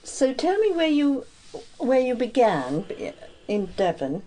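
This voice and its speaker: A woman radio presenter reading an introduction and asking questions in a measured way. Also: high voice, big pitch swings, dark tone. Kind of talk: radio interview. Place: radio studio.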